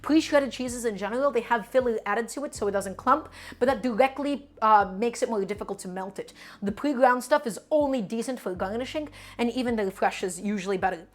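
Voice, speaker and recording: A somewhat high-pitched woman from Brooklyn runs a live cooking stream. She talks her chat through every step, stopping to answer questions in a loose, chatty way. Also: fairly quick. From Brooklyn, New York. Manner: chatty, explains each step while answering viewers.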